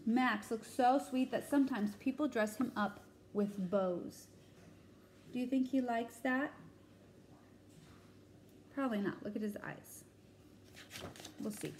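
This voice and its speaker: A woman's voice: mid-range voice, slight background noise. A woman teacher reading a picture book aloud to children over a video call, asking them questions as she goes. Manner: slow, animated storytelling with questions to listeners.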